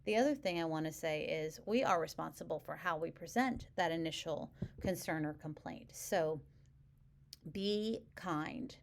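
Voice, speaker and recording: A middle-aged woman coaching couples in a direct-to-camera advice video, speaking calmly and evenly with small acted example phrases. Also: sits low, vocal fry. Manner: calm, measured, explains with acted example phrases.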